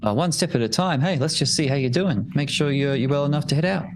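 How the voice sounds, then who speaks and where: A player speaking in character in a calm, reassuring, folksy way during a tabletop game. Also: medium pitch, fast, slight background noise. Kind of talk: in-character tabletop role-play.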